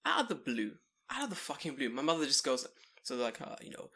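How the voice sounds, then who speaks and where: Brief: young guy co-hosting, talks fast with a bright edge, lively, laughing storyteller. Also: mid-range voice, gravelly, breathy edge. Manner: animated storyteller, swears freely, laughs often. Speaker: podcast co-host. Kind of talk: casual chat.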